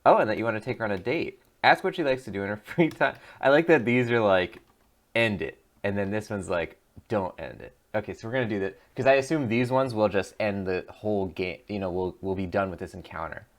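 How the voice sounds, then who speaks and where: Male streamer, casual game commentary, chatty and musing, lowish voice. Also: lively intonation, a little fast. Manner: chatty, laughing, musing aloud. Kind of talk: gameplay commentary.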